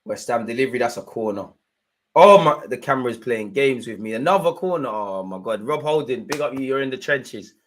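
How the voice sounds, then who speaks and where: A young man hosting a live football watchalong, giving slangy running commentary and shouting at the referee in bursts. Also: medium pitch, brisk, hardly any pauses. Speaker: live match watchalong host.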